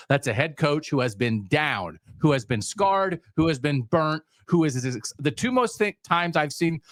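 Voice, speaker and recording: A man co-hosting a sports podcast, driving his points home in long, stacked lists. His voice sits at a middling pitch. The sound is close and dry. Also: no room sound. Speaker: podcast co-host.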